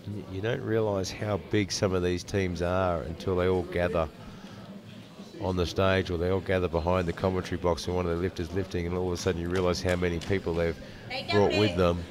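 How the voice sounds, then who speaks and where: A low-voiced man calls a live powerlifting event from the commentary box, reading out each lifter and her weight before he breaks down the lift. A loud crowd fills the venue behind him. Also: little pitch movement, a little fast. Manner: calls each lifter's name, country and weight, then adds analysis.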